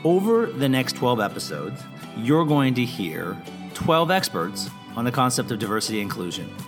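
A man's voice: medium pitch, very animated, normal speed, music in the background. A man hosting an interview podcast, chatty and upbeat, laughing often. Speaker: podcast host.

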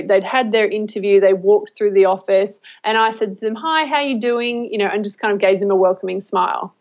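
A woman talking to her viewers in a heartfelt personal vlog, emotional and halting with many fillers and restarts. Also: mid-range voice. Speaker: vlogger. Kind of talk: heartfelt personal talk to camera. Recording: dull lo-fi recording.

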